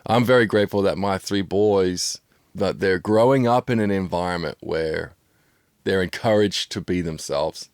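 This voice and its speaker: A man's voice: low-pitched, moderate pace, a little mellow, clear, resonant tone, dry recording, clean studio sound. A man in his fifties from Australia with an Australian accent, chatting casually and joking as a podcast guest. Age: 50s. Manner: laid-back, joking, rattles off slang. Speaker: drummer guest.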